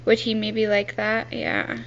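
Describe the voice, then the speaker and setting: A young woman filming at home indoors, gently coaxing a toddler and laughing often. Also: medium pitch, monotone, slow, muffled recording, heavy background noise. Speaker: parent filming her child. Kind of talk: casual home video.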